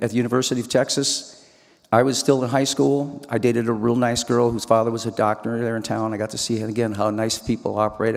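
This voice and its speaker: Male speaker, middle pitch, personal story talk, reverberant hall. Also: gravelly. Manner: earnest storyteller with quoted dialogue.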